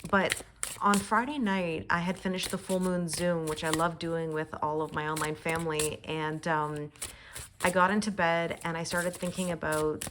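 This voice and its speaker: A woman giving a casual, reflective tarot forecast, soft-spoken and laughing often. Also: fairly low pitch, fairly even intonation, normal speed, noisy background. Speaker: tarot reader.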